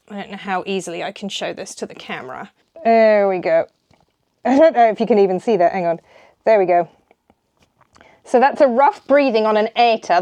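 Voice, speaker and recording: A woman's voice: medium pitch, a little mellow. A woman speaks casually to camera, recorded close on a clip-on lapel mic. She explains in a chatty, meandering way, wanders off on tangents and laughs at herself along the way. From Ireland. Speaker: language vlogger.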